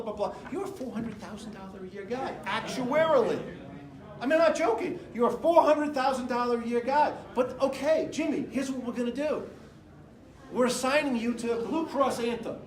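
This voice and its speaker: A middle-aged American man giving an off-the-cuff campaign speech to a room full of people, rambling and emphatic as he jumps between anecdotes and figures. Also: extremely high pitch. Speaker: political candidate. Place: indoor room with an audience. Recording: echoey room.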